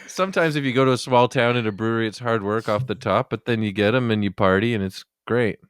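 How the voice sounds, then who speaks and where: A man chats on a podcast, telling tour stories in a relaxed, playful way. His voice is smooth and clear. The sound is dry and close, with no room echo. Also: on the low side, fast. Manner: relaxed storytelling with playful asides. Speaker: podcast co-host, comedian. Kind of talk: casual podcast chat.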